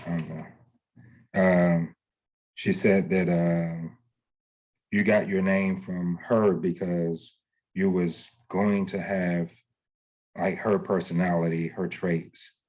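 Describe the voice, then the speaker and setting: A man's voice: low-pitched, flat delivery, slow, pauses often, darkish tone, rough recording. A man giving a casual spiritual reading as a psychic medium, talking hesitantly and rambling with many fillers.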